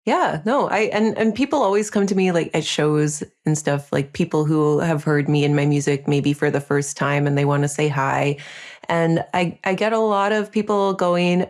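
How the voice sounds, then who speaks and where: A woman's voice: low-pitched, moderate pace, a little mellow. A woman singer-songwriter speaking as a guest on a podcast, chatting casually and enthusiastically. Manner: enthusiastic and upbeat. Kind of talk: casual interview chat.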